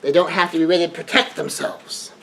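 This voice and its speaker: A low-quality recording with a little hiss or hum captures a man's slightly high, steady, creaky and somewhat bright voice. Earnestly advising on relationships in a monologue, he repeats words when he rushes and acts out quoted scenes.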